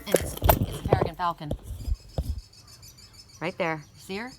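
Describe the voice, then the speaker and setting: A woman's voice: lowish voice, unhurried, heavy background noise. A woman giving a casual, upbeat oracle card reading, chatting freely and reciting affirmations with emphasis.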